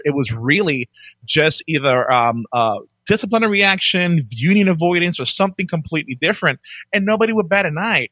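A man with a somewhat high speaking voice tells his career story in casual podcast chat. He restarts often and jumps up in pitch when quoting himself. The sound is dry and close. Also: bright, forceful tone, dry recording, rough recording.

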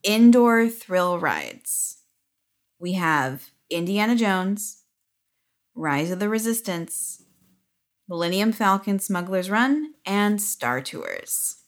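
A woman co-hosting a casual podcast, upbeat and quick to laugh, quizzing her partner with questions. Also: mid-range voice, very animated. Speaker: podcast co-host. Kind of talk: casual chat.

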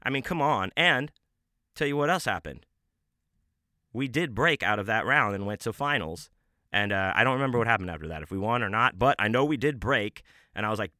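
A man on his podcast tells a story in a bright, forceful voice that sits a little low. He rambles, swears freely and keeps restarting his sentences. The sound is dry and close to the mic. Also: expressive, a little fast, no room sound. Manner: rambling, profane, with many restarts and fillers. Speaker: podcast host. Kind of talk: casual storytelling.

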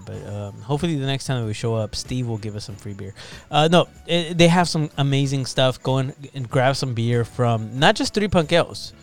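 A man co-hosting a casual podcast, joking and teasing his friends. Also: medium pitch. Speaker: podcast co-host.

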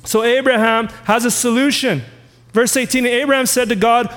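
Pastor, male, very high voice, sermon with scripture readings and questions to the room, long hall echo. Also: fairly even intonation, moderate pace, a bit bright. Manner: reads scripture aloud and asks the listeners questions.

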